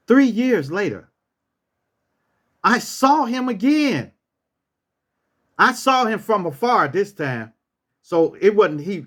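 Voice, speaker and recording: Male storyteller, fairly high voice, animated and repetitive, casual vlog delivery. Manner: animated, acts out what people said, repeats phrases.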